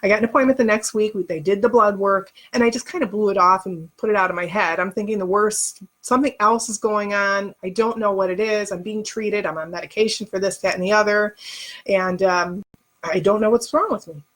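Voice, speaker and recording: A middle-aged woman speaks at a medium pitch for her sex. She tells a personal story to the camera in a candid, conversational way. Her retelling is openly emotional and rambles a little. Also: steady tone, a little fast, fairly bright tone. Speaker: vlogger.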